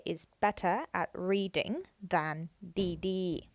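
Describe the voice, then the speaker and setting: A woman teaching Thai tones, explaining slowly and modelling each word in a louder, raised voice. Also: lowish voice, no room sound.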